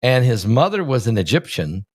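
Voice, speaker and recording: A man's voice: mid-range voice, sing-song, moderate pace, husky, no echo, clean studio sound. A man hosting an interview in a conversational, chatty way, asking his guest questions. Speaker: host. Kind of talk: casual interview talk.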